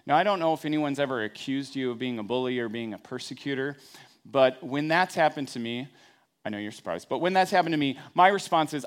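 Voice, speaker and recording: A man's voice: mid-range voice, a little fast, smooth. A man, a pastor, preaching a sermon in a conversational storytelling way with wry everyday asides.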